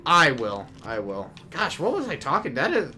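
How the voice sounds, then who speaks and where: A man's voice: on the high side, wildly swooping pitch, moderate pace, bright, forceful tone, soft background music. A man streaming a video game, chatting casually and rambling off-topic, often trailing off mid-sentence. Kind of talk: casual gameplay commentary.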